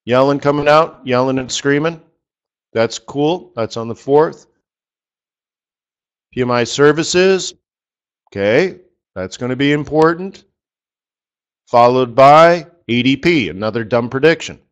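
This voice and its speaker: A man's voice: medium pitch, animated, measured pace, long pauses. A man coaching traders in a live webinar lesson, talking in a chatty, joking way and throwing out rhetorical questions. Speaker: forex trading coach.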